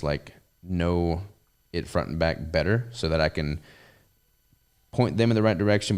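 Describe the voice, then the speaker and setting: Deep-voiced Southern man chatting casually. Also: a little mellow, clean tone. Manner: easygoing, rambling with fillers. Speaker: podcast host and business owner. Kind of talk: casual chat.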